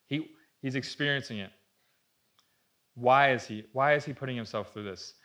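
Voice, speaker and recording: A man's voice: mid-range voice, moderate pace, a bit bright. A man preaching a sermon to a room, earnest and conversational, asking rhetorical questions as he explains. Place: room with an audience.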